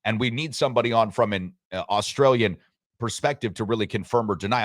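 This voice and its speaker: Radio host, man, joking and rambly, lowish voice, dry studio sound. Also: fast, dry recording. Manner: joking, rambling, reads listener messages aloud. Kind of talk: casual sports talk radio chat.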